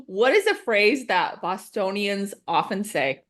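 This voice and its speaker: Cheerful woman co-host, lively pitch. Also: measured pace. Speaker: podcast co-host. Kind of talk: casual chat.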